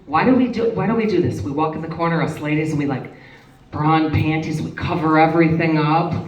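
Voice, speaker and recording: This Wisconsin comedian in her 50s has a low-pitched, slightly fast delivery, and the audio loses its highs. Performing stand-up live in an echoey reception hall, she's brash, bawdy and conspiratorial with the crowd, heard from a distant mic over heavy laughter and noise.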